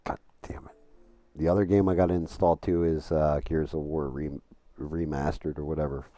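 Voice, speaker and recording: A man's voice: very deep voice, little pitch movement, brisk, dark tone, dry recording. A middle-aged man streaming a game live, chatting casually and telling rambling stories, swearing freely. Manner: profane, storytelling, rambling with restarts. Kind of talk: casual live-stream chat while gaming.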